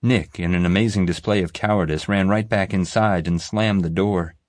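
A man giving steady, measured audiobook narration, recorded dry and close. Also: deep voice, no room sound.

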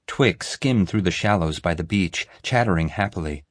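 Deep-voiced man reading an audiobook. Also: lively intonation, moderate pace, no room sound, studio quality. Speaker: narrator. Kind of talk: scripted audiobook narration.

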